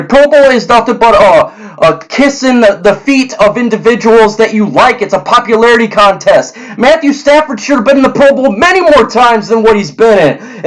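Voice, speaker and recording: A man's voice: high-pitched, fairly bright tone, poor audio. A man hosting a sports fan channel, ranting heatedly with many restarts and repeated words before moving on to draft predictions.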